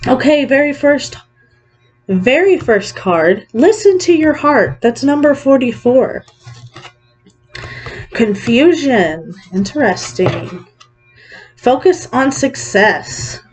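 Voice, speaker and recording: A woman giving a pick-a-card psychic reading in a gentle, reassuring, chatty way, sometimes correcting herself. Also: sits high, expressive, slow pace, pauses often, faint music behind. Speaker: psychic tarot reader.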